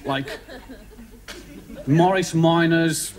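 A man doing stand-up storytelling, excitable, breaking into high put-on voices. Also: very slow. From England. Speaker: stand-up comedian. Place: theatre stage before a live audience. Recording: live TV stand-up, heavy audience laughter. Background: loud audience laughter.

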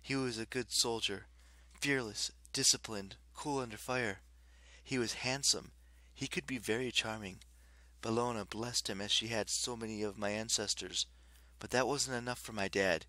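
A man reading an audiobook, voicing a serious young woman warrior demigod in a raised pitch. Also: moderate pace, pushed and bright, no room sound. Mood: somber. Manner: raised pitch for a female role.

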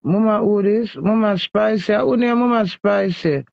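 A woman's voice: mid-range voice, unhurried, vocal fry, dry recording, dull audio. A woman with a Jamaican accent ranting heatedly and scolding someone in a repetitive live stream.

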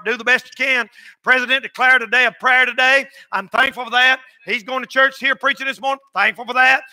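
High, bright-voiced shouting preacher. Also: male voice, no room sound. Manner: folksy, emphatic, often shouting. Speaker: pastor. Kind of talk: sermon. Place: church.

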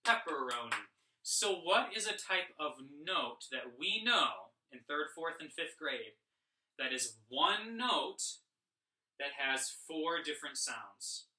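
A man's voice: a little high, background noise. A young man teaching an online music lesson to children, upbeat and chanting rhythm syllables as he counts out notes. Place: home room. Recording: echoey room, voice a bit far from mic.

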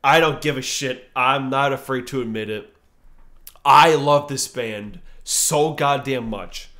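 A music reviewer ranks albums in a casual, rambling way, swearing often and enthusiastically, with plenty of fillers like "um" and "you know". His medium-pitched voice is slow, bright, and forceful.

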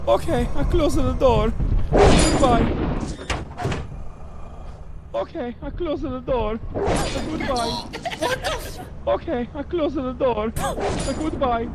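A man voicing Luigi as a loud, excitable Italian plumber with a mock Italian accent and broken English. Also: very high-pitched, slow pace, long pauses, heavy background noise. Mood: dramatic. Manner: shouty, broken English, theatrical. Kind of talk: voice chat role-play while gaming.

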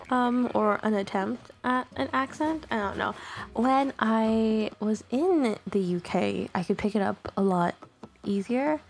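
A young woman hosting her gaming channel, chatting casually and excitably with many filler words. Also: fairly high pitch. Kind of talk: casual gameplay commentary.

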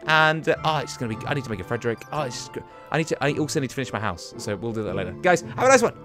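A man hosting a let's play, giving casual gaming commentary and excitedly talking to himself and the creatures in the game. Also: medium pitch, racing. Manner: excitable, talks to himself and the mobs. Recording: game music underneath.

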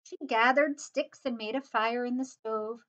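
A woman reading a children's story aloud in a slow, expressive storytelling manner. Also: on the high side. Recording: dull lo-fi recording.

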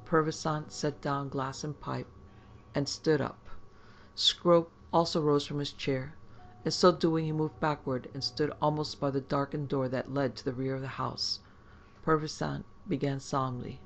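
A woman narrating a horror story in a steady, grave storytelling voice. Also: deep voice, unhurried.

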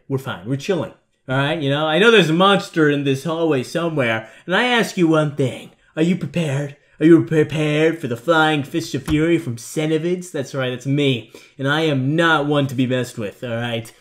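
A man's voice: fairly high pitch, moderate pace, fairly bright tone. A young man giving rambling, jokey commentary on a horror game, breaking into nervous outbursts. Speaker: gaming YouTuber.

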